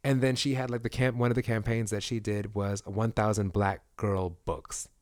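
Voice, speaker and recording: A man's voice: fairly low pitch, little pitch movement, moderate pace, dry recording. Chatty guy rambling on a podcast, lots of likes and ums, dry close mic. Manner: chatty, meandering, lots of fillers. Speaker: podcast co-host. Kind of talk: casual chat.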